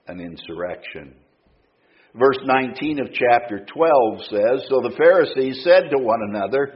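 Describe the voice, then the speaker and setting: A man delivers an expository sermon at an unhurried, measured pace. He reads scripture aloud with deliberate emphasis on the key words. The recording sounds slightly dull and lo-fi. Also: medium pitch. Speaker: preacher.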